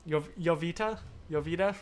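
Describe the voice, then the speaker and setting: Chatty young American man, slightly high voice. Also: normal speed, a little hiss or hum. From United States. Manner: rambling and chatty, many fillers, laughs often. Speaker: livestream host. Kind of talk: casual live-stream chat, reading viewer comments.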